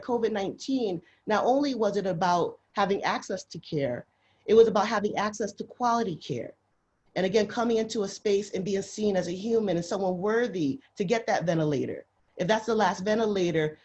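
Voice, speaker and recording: A woman's voice: mid-range voice, a little mellow, dull audio. A woman speaking with passion on a webinar panel, often repeating herself. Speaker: nurse panelist. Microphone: video call.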